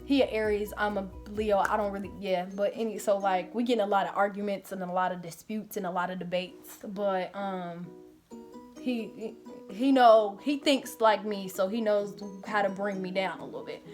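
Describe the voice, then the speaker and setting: Profane, animated woman telling a storytime. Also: mid-range voice, moderate pace, faint music behind. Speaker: vlogger. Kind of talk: get-ready-with-me storytime. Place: grandmother's apartment indoors.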